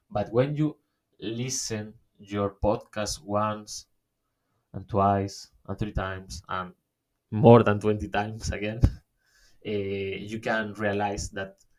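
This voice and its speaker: Slow-talking man giving a webinar. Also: lowish voice. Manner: halting, many fillers and restarts, says "okay?" often. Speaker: webinar presenter. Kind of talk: online workshop talk.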